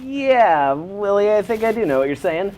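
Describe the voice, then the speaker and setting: A woman hosting a comedy late-night show. She keeps a mock-formal, dry delivery, and her pitch swings widely from line to line. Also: big pitch swings, moderate pace, darkish tone. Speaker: talk show host.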